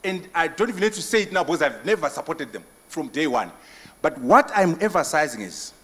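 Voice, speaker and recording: A Zimbabwean man giving a conference keynote and answering questions, emphatic and forceful, with repetition and rhetorical questions. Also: fairly high pitch, big pitch swings, brisk, husky. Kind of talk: impassioned conference speech. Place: large conference hall. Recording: long hall reverb.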